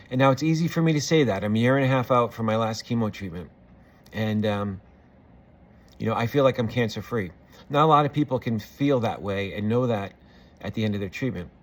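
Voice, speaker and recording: A middle-aged man talking earnestly and reflectively to camera, rambling with many fillers and restarts. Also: medium pitch. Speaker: vlogger. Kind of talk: personal reflective monologue.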